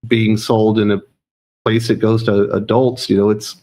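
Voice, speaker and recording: A man's voice: on the low side, flat delivery, a little slow, dark tone. A man co-hosting a casual podcast chat, giving dry, blunt opinions. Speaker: podcast co-host.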